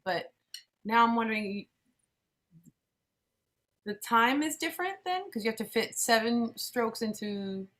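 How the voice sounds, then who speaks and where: A woman's voice: fairly high pitch, measured pace, long pauses, fairly bright tone. Hesitant woman asking drum questions. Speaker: student on a drum call.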